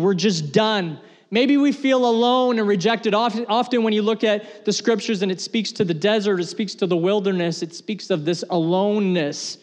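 A man preaching a sermon as pastor, earnest and conversational, repeating phrases as he builds his points. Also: high voice. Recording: long hall reverb.

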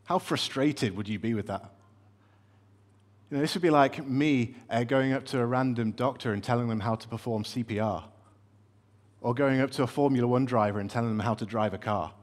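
A man's voice: mid-range voice, brisk. A man preaching a sermon in a conversational, storytelling way, with light humor and frequent fillers and restarts.

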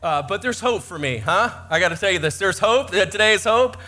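High, bright-voiced joking pastor. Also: male voice, animated, brisk. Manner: joking, self-mocking storyteller. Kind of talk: sermon. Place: church.

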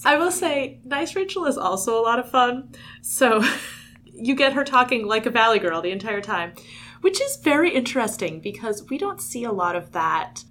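A woman co-hosting a casual book discussion podcast, animated and laughing a lot. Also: fairly high pitch, moderate pace. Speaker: podcast co-host.

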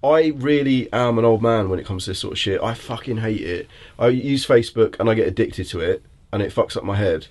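A man's voice: fairly low pitch, fairly quick, hardly any pauses, darkish tone. A man hosting a podcast in casual chat. He is blunt and jokey and swears a lot. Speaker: podcast host.

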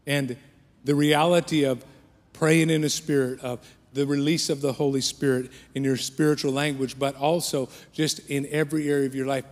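A pastor preaching a sermon with passion, his voice rising for prayers and dropping low for quiet points. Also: flat delivery, normal speed. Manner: impassioned preaching that swells then drops to a hush. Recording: long hall reverb.

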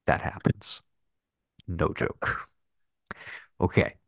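A man's voice: extremely slow, a bit bright, no echo, clean studio sound. A man co-hosting a podcast, talking casually and rambling about films, with lots of filler words and cursing. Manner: rambling, profane, heavy filler "like". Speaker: podcast co-host. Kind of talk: casual film discussion.

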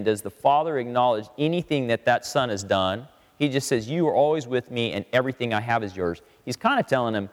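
Male pastor, lively pitch, casual sermon delivery, long hall reverb. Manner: casual, conversational preaching with quick voiced asides.

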